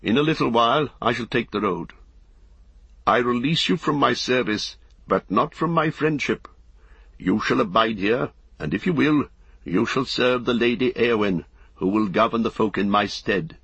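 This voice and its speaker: Old warrior king, voiced by a male narrator: grave, commanding, husky, dull recording. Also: mid-range voice, moderate pace, fairly bright tone, dry recording, pitched above the performer's own voice. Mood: kindly. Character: aged proud warrior king.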